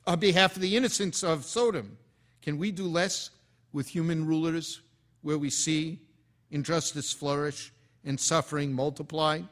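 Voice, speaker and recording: A man delivering a formal, impassioned speech, rising in emphasis on key words and dropping quietly at the ends of phrases. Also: fairly high pitch, steady tone, normal speed. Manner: impassioned, oratorical cadence. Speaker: speaker.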